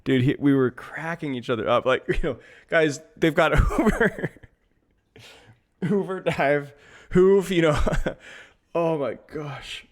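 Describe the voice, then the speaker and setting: A man with a fairly high-pitched voice talks slowly as he streams and coaches a game. His casual chat with viewers wanders, and he keeps dissolving into giggles.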